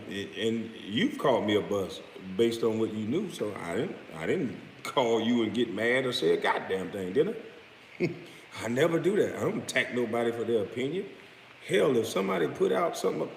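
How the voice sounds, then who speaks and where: A man's voice: medium pitch, lively intonation, moderate pace, gravelly. A man in his late thirties, a former pro basketball player, ranting in a heated, profane, mocking way. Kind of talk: profane rant. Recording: echoey room with long reverb, faint noise.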